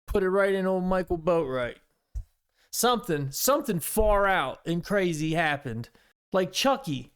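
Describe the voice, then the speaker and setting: A man's voice: high voice, clear, resonant tone. A man giving rambling, profane, joking reaction commentary on videos. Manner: joking, crude, rambling asides.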